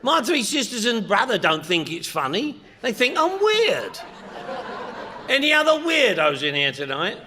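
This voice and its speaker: Loud, lively London man. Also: high voice, unhurried, noisy background. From England. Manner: loud, joking, punchy with bursts of shouting. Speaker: recovery meeting speaker. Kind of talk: comic storytelling talk to a crowd.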